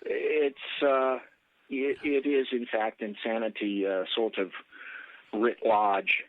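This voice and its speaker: A man's voice: medium pitch, flat delivery, takes it slowly, no room sound. A man on a political talk podcast, sardonic and wordy with formal phrasing. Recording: tinny phone line.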